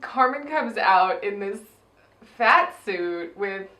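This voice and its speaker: A woman's voice: mid-range voice, animated, takes it slowly, bright, forceful tone. A woman co-hosting a casual chat about a TV episode, acting out quotes in playful voices. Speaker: podcast co-host. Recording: echoey room.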